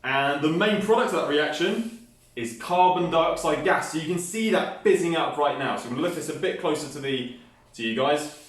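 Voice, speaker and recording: A man's voice: on the high side, moderate pace. A man presenting a hands-on science experiment, explaining each step with enthusiasm. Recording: echoey room, mic at a distance.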